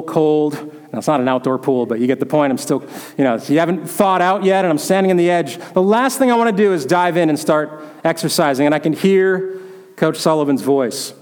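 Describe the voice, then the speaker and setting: A man's slightly high, a little mellow and smooth voice trails off into a long reverb as he preaches as pastor. Through storytelling, he gives voice to the people in his tales.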